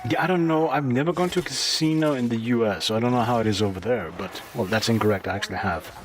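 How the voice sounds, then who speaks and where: A man's voice: mid-range voice, quick pace, slight background noise. A man co-hosting a casual podcast with dry, wry humor. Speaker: podcast co-host.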